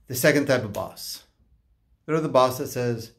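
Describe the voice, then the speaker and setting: A man who works as a life coach, talking casually and haltingly to camera and acting out bits of dialogue. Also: mid-range voice, gravelly. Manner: slow, halting, acts out dialogue in animated voices.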